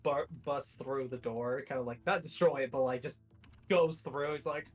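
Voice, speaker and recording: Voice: medium pitch, moderate pace. A player in a tabletop role-play, describing their character in laughing, rambling speech.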